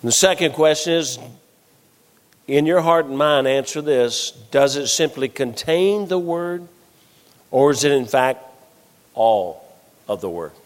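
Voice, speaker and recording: In an unhurried, medium-pitched voice that pauses often, a middle-aged preacher shares humorous family anecdotes during his sermon. He delivers them with animation, imitating the voices of the people he quotes. Long reverb from a large hall fills the recording.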